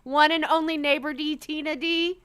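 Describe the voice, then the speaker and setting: Sassy woman streaming from an airport, high voice, bright and bouncy. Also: normal speed. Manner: sassy, animated, laughs often. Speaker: livestream co-host. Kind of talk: casual chat.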